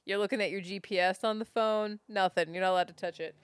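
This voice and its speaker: A young American woman co-hosting a podcast, explaining things in a low-key casual way. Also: fairly even intonation, fast, clear, resonant tone, no room sound, studio quality. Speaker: podcast co-host. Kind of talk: casual chat.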